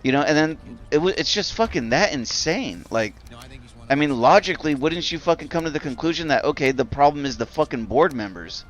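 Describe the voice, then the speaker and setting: A man's voice: fairly high pitch, expressive, brisk. Rambling, foul-mouthed man ranting on stream. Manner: rambling, profane, heavy use of "like". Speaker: game streamer. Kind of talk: casual rant while gaming.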